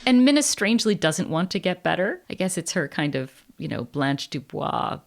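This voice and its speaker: A woman co-hosts a book podcast in a relaxed, casual conversation. Her voice sits on the low side, and she talks in a thoughtful, reflective way. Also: moderate pace, vocal fry. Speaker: podcast co-host.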